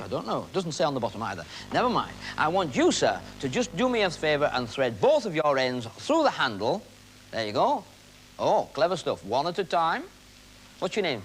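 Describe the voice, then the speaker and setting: A man's voice: a little high, fairly bright tone, a little hiss or hum, low-quality recording. A man hosting a televised magic comedy act, joking and teasing the audience volunteers on stage.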